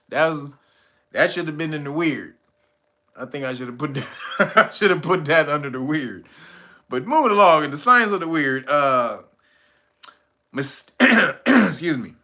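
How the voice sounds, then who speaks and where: A man's voice: on the high side, pushed and bright. A man hosting a casual commentary show, laughing often and riffing loosely while cursing freely. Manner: laughs often, riffs and restarts, curses freely. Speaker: host. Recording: dull lo-fi sound.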